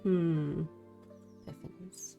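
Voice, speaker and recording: Lady streamer doing tarot, low-ish voice, chatty and affectionate, soft music behind. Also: steady tone, slow, gravelly. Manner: chatty, greets viewers affectionately. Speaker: streamer reading tarot cards. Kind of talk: casual livestream chat.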